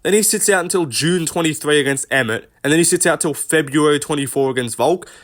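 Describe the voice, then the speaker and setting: A young man giving casual commentary on a tier list, rambling, thinking out loud and swearing often. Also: on the high side, lively intonation, quick pace. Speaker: host, MMA commentator.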